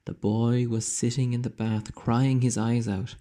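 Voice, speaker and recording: A man teacher reading a children's storybook aloud slowly, dropping into dramatic whispers. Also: mid-range voice, flat delivery, dark tone.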